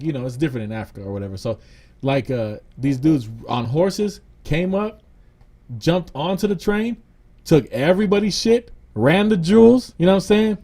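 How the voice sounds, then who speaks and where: A man's voice: on the high side, darkish tone. Laid-back slangy man host. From United States. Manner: laid-back slangy talk, laughs a lot. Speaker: podcast host. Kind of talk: casual chat.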